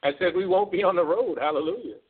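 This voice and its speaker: A man's voice: sits high, quick pace, husky. A man co-hosting a podcast, chiming in with brief, playful remarks. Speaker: podcast co-host. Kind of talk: casual chat. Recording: phone-like sound.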